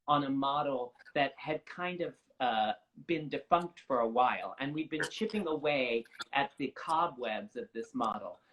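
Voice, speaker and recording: A young man speaking in an earnest, articulate way, reflecting as he goes. His voice sits at an ordinary mid pitch, and he sounds like an opera singer in a relaxed interview. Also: muffled recording. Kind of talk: conversational interview.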